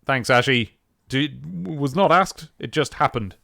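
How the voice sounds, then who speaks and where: A man's voice: medium pitch, a little slow, gravelly, bright, forceful tone. A man in his thirties, chatting casually and rambling while live-streaming a game. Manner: rambling, self-interrupting, chatty.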